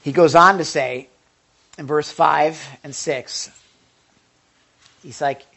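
A man's voice: a little high, steady tone, moderate pace, vocal fry, long pauses, bright, forceful tone. A male pastor giving a conversational sermon, with joking asides to the congregation and frequent stammered restarts.

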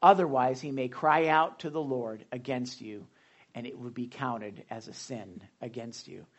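A man preaching a casual, animated sermon, full of asides and jokes to the congregation. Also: mid-range voice, unhurried. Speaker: pastor. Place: hot church room.

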